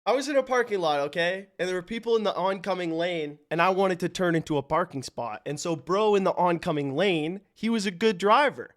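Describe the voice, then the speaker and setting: A man livestreaming, telling stories and chatting casually with his viewers, animated and loose with swearing. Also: high-pitched, a little fast, hardly any pauses. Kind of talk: casual chat with stream viewers.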